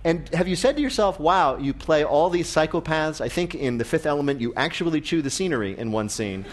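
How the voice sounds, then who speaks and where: A man's voice: fairly high pitch, animated, a little fast, slight background noise. A man hosting an interview, asking playful, teasing questions and laughing often. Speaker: interview host. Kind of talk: radio interview chat.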